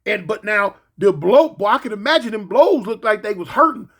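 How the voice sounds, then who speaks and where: A man telling a lively story, repeating phrases and making sound effects. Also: high voice, moderate pace, slightly rough. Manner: animated, repetitive, sound effects.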